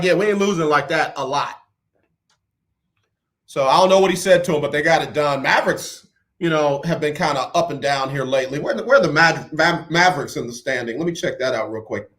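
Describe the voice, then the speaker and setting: Guy on sports radio, chatty and jokey, kinda high voice for a dude. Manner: animated, joking, repeats himself. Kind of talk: casual sports talk radio.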